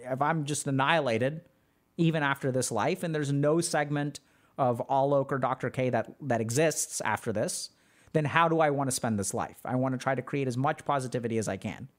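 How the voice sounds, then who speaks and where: A man hosting a livestream, explaining ideas to his chat in a relaxed, slangy way full of fillers. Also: mid-range voice, brisk. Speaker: livestream host answering chat. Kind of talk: casual teaching chat.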